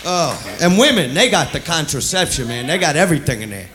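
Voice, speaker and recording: A man doing crude stand-up comedy, brash and loud, shouting his punchlines. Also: fairly high pitch, big pitch swings, brisk. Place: live comedy club. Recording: echoey club with loud crowd. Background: audience laughter and noise.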